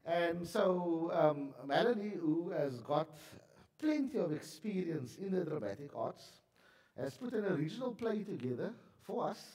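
A man's voice: a little high, sing-song, a little slow, a little mellow, echoey room. A male pastor giving church announcements with a frog in his throat, chatty and self-deprecating with many fillers. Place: church sanctuary.

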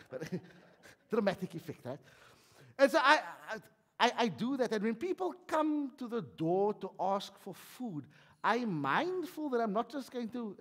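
South african guy preaching, voice jumps all over, big hall echo. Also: high voice. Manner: animated, conversational preaching with humor. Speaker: pastor. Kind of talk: sermon. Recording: long hall reverb.

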